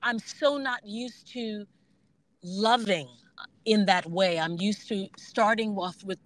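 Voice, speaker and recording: A woman's voice: medium pitch, slow pace, no room sound, low-quality recording. Earnest woman speaking from her car. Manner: earnest, reflective, with sudden animated outbursts. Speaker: guest. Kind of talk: candid faith conversation. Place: driving in a car. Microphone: phone on Bluetooth.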